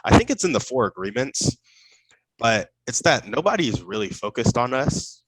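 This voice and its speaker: A man's voice: medium pitch, sing-song, normal speed, slightly rough, dry recording, rough recording. A man hosting a podcast interview, upbeat and affirming, asking long, open questions over a video call. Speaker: podcast host. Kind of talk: casual interview chat.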